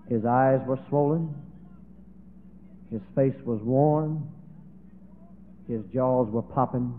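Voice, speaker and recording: A man's voice: medium pitch, slow pace. A man preaching, telling a story in a dramatic, emotional way. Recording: tinny, phone-like echoey hall.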